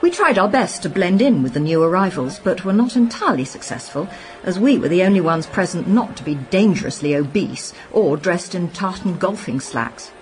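A woman narrating a story in the first person, crisp and wry. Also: fairly low pitch, expressive, moderate pace, soft background music, low-quality recording. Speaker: audiobook narrator.

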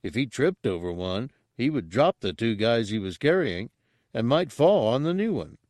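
A man reading a story aloud in a steady, measured narration. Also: mid-range voice, no echo, studio quality. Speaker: audiobook narrator.

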